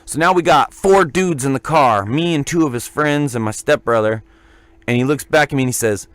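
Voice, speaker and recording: A man's voice: medium pitch, animated, normal speed, no room sound. Rambling man telling a story. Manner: rambling, joking anecdotes. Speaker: podcast co-host. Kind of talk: casual storytelling.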